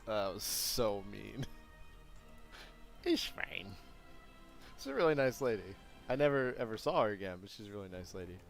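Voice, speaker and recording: A man with a fairly low voice chats casually on a live stream while coding his game, muttering to himself and then bursting out excitedly when things work. Faint music plays underneath his desk-mic talk. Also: moderate pace, creaky. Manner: rambling, self-talk with sudden excited outbursts.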